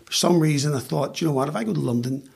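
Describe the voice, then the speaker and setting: A middle-aged man with a Northern Irish accent, chatting as a podcast guest and telling self-mocking stories in an animated way. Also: a little high, quick pace, creaky, husky. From West Belfast, Northern Ireland. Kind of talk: casual storytelling.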